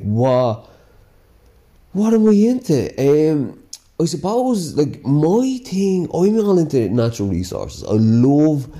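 A man with a strong Dublin accent tells personal stories in a relaxed, chatty way. His voice is very dark and mellow, and he sits at a medium pitch. He laughs often and fills his talk with "you know" and "like". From Ireland. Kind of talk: casual personal storytelling.

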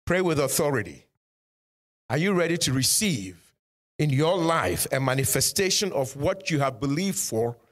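A man preaching a sermon as pastor, punctuating points with "Amen" and putting direct questions to his congregation. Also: on the high side.

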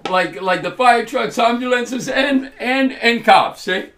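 A man's voice: very high voice, measured pace. A man casually telling a story to listeners, acting out the dialogue as he goes. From Canada. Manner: animated, acts out quoted dialogue.

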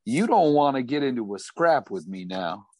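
A man voicing a smug, patronizing male gambler with a slow folksy drawl. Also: medium pitch, very animated, dry recording, clean studio sound. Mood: indignant.

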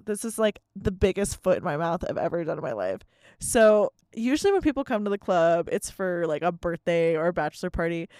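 A woman's voice: on the low side, expressive, brisk, a little mellow, clear, resonant tone, dry recording, studio quality. A young woman co-hosting a podcast, telling work stories in casual, profane chat. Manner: profane, storytelling, laughs often. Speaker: podcast co-host.

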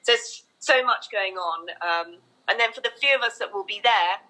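A woman's voice: medium pitch, normal speed, bright, forceful tone, poor audio. A woman in an interview, eagerly laying out event plans and filling her talk with ums and restarts. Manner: enthusiastic, lists plans with many fillers. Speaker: racecourse marketing executive. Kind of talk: interview guest.

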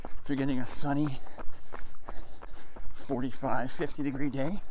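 A man's voice: mid-range voice, flat delivery, a little slow, a little mellow, slight background noise, rough recording. A man in his fifties hosting a running podcast, rambling casually with jokes and asides while his heart rate is up from exercise. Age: 50s. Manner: rambling, joking, conversational asides. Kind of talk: casual monologue.

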